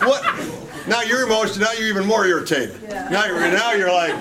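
A middle-aged man with a slightly raised voice leads a marriage workshop in a humorous lecture style. He peppers his points with jokes and keeps asking the room "right?". A live audience is clearly heard around him. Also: sits high, moderate pace, a loud crowd. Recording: live talk with audible audience. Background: live audience reacting.

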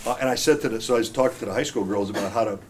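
A middle-aged man with a lowish voice talks rapid-fire, with slight background noise, while presenting a marriage workshop. He jokes with the couples, quizzes the audience, and keeps checking in with "right?" in this humorous live lecture, where the audience can be heard reacting.

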